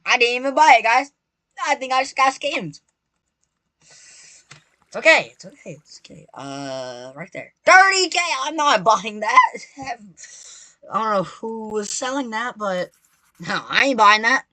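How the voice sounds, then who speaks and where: An excitable gaming creator giving live gameplay commentary, chatty and repetitive, constantly talking to viewers and bursting into shrieks when startled. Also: medium pitch, a little slow, pauses often, no echo. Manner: repetitive, chatty, playful slang.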